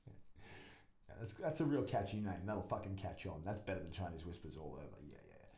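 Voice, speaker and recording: A man's voice: low-pitched, big pitch swings, fairly quick, a little mellow. A man talking casually to camera in a rambling, self-mocking way, swearing constantly and laughing at his own jokes. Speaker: vlogger. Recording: echoey room with faint noise.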